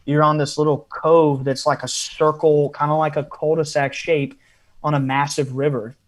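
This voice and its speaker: A man's voice: fairly high pitch, level tone, normal speed. A man, a podcast guest, telling a long story in a casual interview style with frequent asides.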